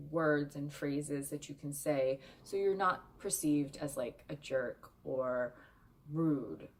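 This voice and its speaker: A young woman vlogger chatting candidly to her viewers, with plenty of fillers. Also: sits low. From United States. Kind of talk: casual chat.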